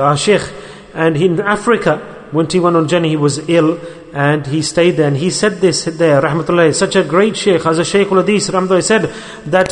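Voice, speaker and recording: High-voiced man preaching in an echoing hall. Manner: emphatic, repeats phrases, asks the audience questions; mixes English with Arabic and Urdu religious terms. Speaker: Sufi shaykh preaching on dhikr. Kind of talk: sermon. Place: mosque hall.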